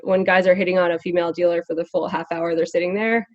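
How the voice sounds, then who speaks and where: A woman's voice: on the low side, little pitch movement, quick pace, no room sound. A woman co-hosting a casual podcast, chatty and loose, full of "like" fillers. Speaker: podcast co-host. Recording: dry, dull lo-fi sound.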